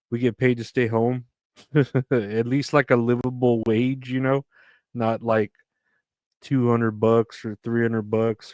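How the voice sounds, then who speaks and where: A man's voice: medium pitch, a little mellow, dry recording. A man hosting a solo podcast from the United States, rambling and profane, tired and yawning as he talks. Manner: rambling, profane, self-mocking. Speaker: podcast host. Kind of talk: casual solo podcast rant.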